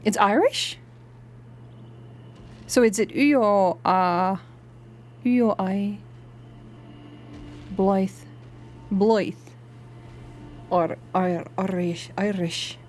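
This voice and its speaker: Woman streamer, casual and animated, narrating her game play. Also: mid-range voice, slow pace, long pauses, slight background noise. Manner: animated, chatty, swears and laughs often. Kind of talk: live game stream chat.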